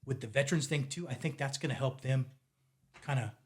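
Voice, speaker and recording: Speaking briskly in a mid-range voice, this fly shop owner and fishing guide from the United States, in his forties, spins a casual podcast story. He gets animated voicing the quoted lines and at times sinks to a near-mutter.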